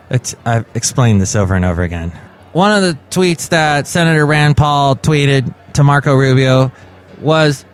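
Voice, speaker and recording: A man hosting a podcast, riffing on the news in a jokey way with big swings in pitch. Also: lively intonation, moderate pace, smooth. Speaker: podcast host. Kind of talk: comic news commentary.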